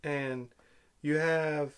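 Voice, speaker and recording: A man giving an exasperated, sarcastic film review rant, swinging between loud outbursts and low muttering. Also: steady tone, extremely slow, clean tone. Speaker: movie reviewer.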